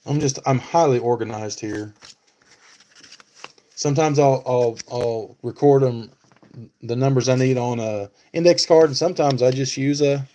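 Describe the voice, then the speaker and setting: A man's voice: mid-range voice, moderate pace, dark tone, slight background noise. A man hosting a casual live stream, talking to viewers by name and thinking aloud with many fillers. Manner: talks back to chat viewers by name.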